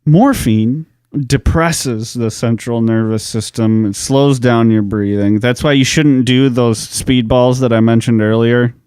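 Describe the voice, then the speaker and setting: A man co-hosting a casual history podcast, telling the story in a relaxed, profane, joking way. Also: mid-range voice, a little slow, hardly any pauses, clean tone, dry recording, studio quality. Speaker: podcast co-host.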